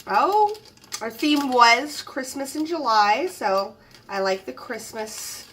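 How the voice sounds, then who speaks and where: A woman hosting a crafting channel, narrating an unboxing in a casual, gushing way, admiring each item with soft exclamations. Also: a little high, lively intonation, takes it slowly, distant mic, a little hiss or hum.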